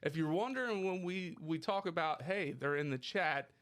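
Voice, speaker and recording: A man hosting a casual podcast, animated, profane and joking with his co-hosts. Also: fairly high pitch, normal speed. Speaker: podcast host.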